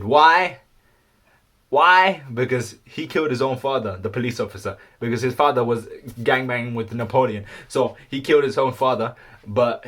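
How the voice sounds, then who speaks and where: A young man casually retelling a story in his vlog, rambling and slangy, full of ums and restarts. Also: fairly bright tone. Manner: puts on squeaky high voices for quoted characters. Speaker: vlogger.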